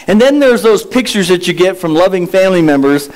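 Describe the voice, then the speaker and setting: A man's voice: high voice, expressive, brisk, a little mellow, rough recording. A middle-aged male pastor preaching a sermon with rhetorical questions and playful asides.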